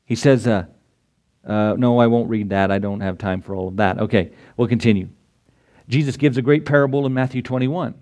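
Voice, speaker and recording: A man's voice: medium pitch, fairly quick, a little mellow. A man preaching a sermon as pastor, emphatic and full of rhetorical questions, acting out the voices he quotes.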